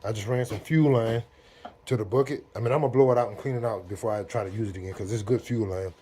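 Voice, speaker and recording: A DIY mechanic in his garage walks viewers through a car repair one step at a time, relaxed and easygoing. His voice is lowish and dark, he talks quickly, and there's slight background noise.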